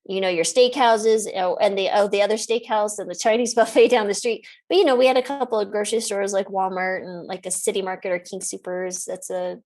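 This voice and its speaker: A middle-aged woman physician, appearing as an interview guest, tells a story in a lively, casual way, laughing often and acting out the characters' lines. Her voice is mid-range, and she speaks fairly quickly with few pauses.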